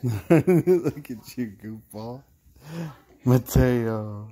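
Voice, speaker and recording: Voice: mid-range voice, animated, takes it slowly, pauses often, darkish tone. A young adult parent in a home video, talking to babies in sing-song, encouraging baby talk.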